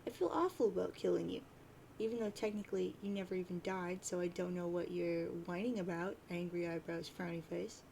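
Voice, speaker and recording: A woman's voice: on the low side, fairly quick, gravelly, warm tone, a little hiss or hum. A woman voicing a pushy, needy teenage troll girl in a raised, pleading voice. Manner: insistent, pleading, a bit awkward.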